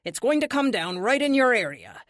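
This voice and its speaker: A brisk middle-aged army major barks clipped warnings, as a woman narrator puts him on. His voice rises loud and urgent, close and dry. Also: on the high side, very animated, dry recording, pitched above the performer's own voice. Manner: urgent, clipped military talk.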